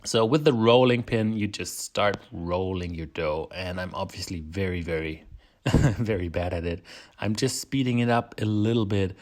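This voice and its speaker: Speaking at a normal speed in a low-pitched voice, a German-accented man runs a relaxed baking tutorial as a channel host. He's chatty, pokes fun at himself and laughs a lot.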